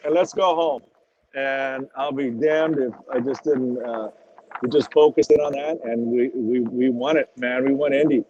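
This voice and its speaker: A middle-aged man, a former drag racer, telling animated and salty stories as a podcast guest. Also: mid-range voice, normal speed, slight background noise. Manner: animated, swears freely, acts out quotes. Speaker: retired drag racing driver as podcast guest. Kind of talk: casual storytelling interview. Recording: dull lo-fi audio.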